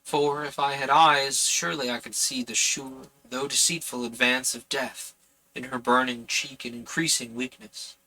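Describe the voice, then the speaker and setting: Guy reading an old novel out loud on stream, super bright sharp voice, joking about himself between bits. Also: medium pitch, steady tone, moderate pace, low-quality recording. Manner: earnest reading with casual, self-deprecating asides. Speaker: audiobook reader and streamer.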